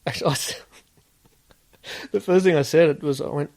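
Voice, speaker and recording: A man's voice: fairly high pitch, steady tone, fairly quick, pauses often, darkish tone. An Australian man, a former police officer, telling casual stories as a podcast guest and acting out the dialogue. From Sydney, Australia. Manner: acts out quoted dialogue, laid-back. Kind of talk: casual storytelling.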